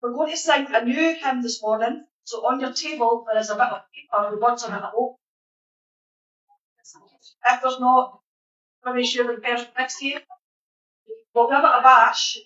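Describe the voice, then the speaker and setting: A woman's voice: a little high, fairly even intonation, normal speed, long pauses, bright, forceful tone. A Scottish woman minister giving an informal, chatty sermon in a church hall, putting questions to the congregation. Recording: echoey hall, dull sound.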